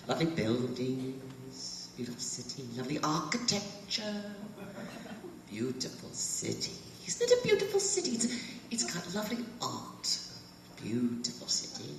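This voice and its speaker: A woman's voice: low voice, background noise, heavily acted. A woman putting on a British accent to voice old British men making polite, endlessly repetitive small talk, recorded from far off in an echoey hall. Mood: admiring. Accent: British (put on).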